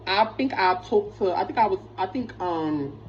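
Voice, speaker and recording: A young woman tells a long, rambling story in casual, profane talk, stumbling over restarts and fillers. Her voice sits at an ordinary middle pitch. The recording is a little dull and lo-fi, with a faint hiss behind it. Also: expressive, moderate pace. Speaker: vlogger. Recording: slightly dull lo-fi sound with faint noise.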